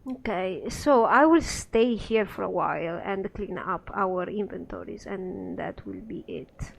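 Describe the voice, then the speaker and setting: A woman's voice: mid-range voice, measured pace, gravelly. A woman commenting casually on her own game playthrough, chatty and self-deprecating. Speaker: let's play commentator.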